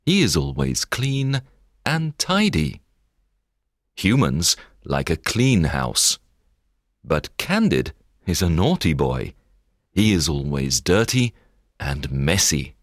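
A man reads a children's story aloud with a very deep voice that still rises and falls a great deal. He takes his time, pacing every sentence slowly and clearly. The sound is close and dry, with no room around it. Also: no room sound. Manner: expressive, measured read-aloud delivery. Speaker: narrator. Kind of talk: scripted storybook narration.

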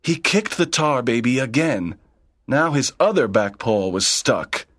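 A man's voice: mid-range voice, very animated, unhurried, fairly bright tone, dry recording, clean studio sound. A man reading a children's story aloud in plain, simple sentences. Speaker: narrator. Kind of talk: slow read-aloud storytelling.

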